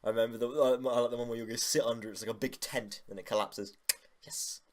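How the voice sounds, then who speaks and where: A man's voice: medium pitch, steady tone, quick pace. A young man making a casual vlog, rambling and joking with lots of swearing. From United Kingdom. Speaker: YouTuber.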